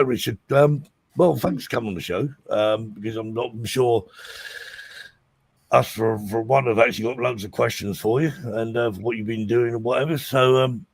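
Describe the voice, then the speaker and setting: A man's voice: medium pitch, normal speed, gravelly, slightly rough. A man hosting a live chat show, chatty and loose, often laughing. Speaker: host.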